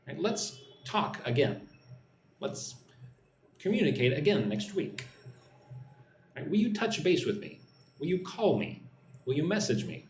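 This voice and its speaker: A man's voice: on the high side, very animated, unhurried, long pauses, echoey room, slight background noise. A man from the United States teaching an English lesson on a live stream, drilling phrases, reading out viewer comments and checking in with "right?". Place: indoors, in Vietnam.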